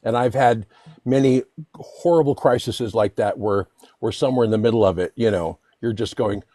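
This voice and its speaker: A man on a livestream, rambling through a story with plenty of restarts and laughs as he talks. His voice sits at a middle pitch and the recording is close and dry. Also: normal speed, warm tone, dry recording. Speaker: guest. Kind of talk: casual storytelling.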